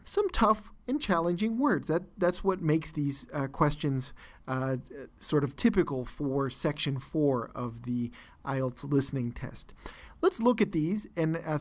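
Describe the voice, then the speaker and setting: A man teaching an exam listening lesson, explaining answers in a measured way with frequent fillers and restarts. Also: fairly high pitch. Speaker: test-prep teacher.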